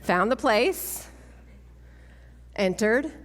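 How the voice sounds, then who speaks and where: A woman gives a church testimony, animated and quick to laugh at herself. Her voice sits fairly high. It carries a long reverb from a large church hall. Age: 40s. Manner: animated, self-mocking, laughing often. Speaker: speaker at a women's church event. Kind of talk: sermon-style testimony talk.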